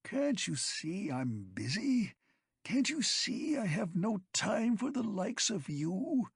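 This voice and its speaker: A man's voice: sits high, big pitch swings, takes it slowly, gravelly, breathy edge, no echo, studio quality, voice pushed up, heavily acted. A man voicing a whining, haughty old male seneschal who snaps arrogantly. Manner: whiny, arrogant, snapping.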